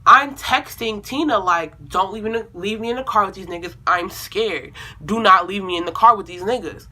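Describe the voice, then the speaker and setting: A young woman vlogger telling a personal story in a casual, animated way, with lots of profanity and acted-out quotes. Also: mid-range voice, normal speed.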